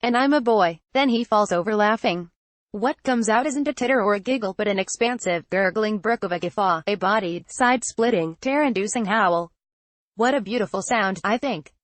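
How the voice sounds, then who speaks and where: A woman reads a memoir excerpt aloud in a steady, measured way, keeping quoted lines close to her narrating voice. Her pitch sits in a middle range. The recording is close and dry, with no room sound. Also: dry recording.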